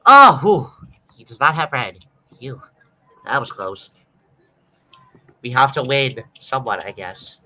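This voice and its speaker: A woman's voice: rumbling low, slow pace, long pauses, rough recording. A young woman streaming a card game with friends, breaking into squeals and laughter. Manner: bursts of squealing excitement and laughter. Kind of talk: excitable gaming chat.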